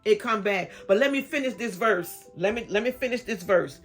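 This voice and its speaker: A woman's voice: medium pitch, moderate pace, hardly any pauses, faint music behind. A woman in her fifties with a Southern US accent, talking straight to camera about faith and repeating her phrases for emphasis. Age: 50s. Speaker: vlogger. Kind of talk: casual faith talk to camera.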